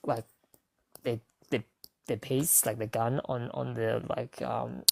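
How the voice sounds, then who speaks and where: A woman's voice: rumbling low, level tone, takes it slowly, creaky, darkish tone. A young Australian woman telling a story casually as a podcast guest, rambling and swearing freely, with lots of fillers.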